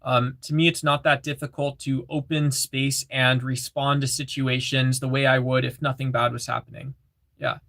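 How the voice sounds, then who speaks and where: A man in the middle pitch range chats casually on his livestream, greeting viewers and reading their comments aloud, often repeating himself and filling pauses with um and uh. His voice sounds close and dry, with no room echo. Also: level tone, vocal fry, sharp tone. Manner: reads chat aloud, repeats phrases, many fillers.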